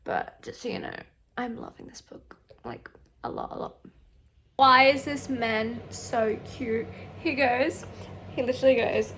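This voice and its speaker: A woman's voice: on the high side, a little slow, a little hiss or hum. Gushing young woman book vlogger. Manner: gushing, excitable, swears freely. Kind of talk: casual reading vlog.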